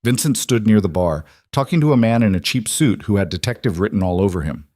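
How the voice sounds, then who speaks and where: A man reading a mafia drama as scripted narration, measured and even. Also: lowish voice, no echo, studio quality.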